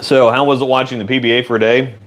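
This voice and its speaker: A man hosting a relaxed, rambling chat in a workshop, answering viewer questions. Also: mid-range voice, fast, a little hiss or hum. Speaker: host. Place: indoor workshop.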